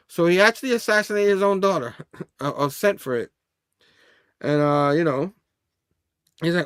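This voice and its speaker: Male comic review host, slightly high voice, loose and chatty with frequent laughs, dry close-miked sound. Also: moderate pace, long pauses, a bit bright, smooth, dry recording. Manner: loose and chatty, laughs often, reads comic dialogue aloud. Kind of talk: casual rambling comic recap.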